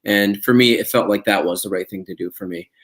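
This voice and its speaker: A man's voice: lowish voice, a little fast, a bit bright. Man telling showbiz anecdotes. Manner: anecdotal, acts out quoted dialogue, many fillers. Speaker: actor guest. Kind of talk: casual interview storytelling.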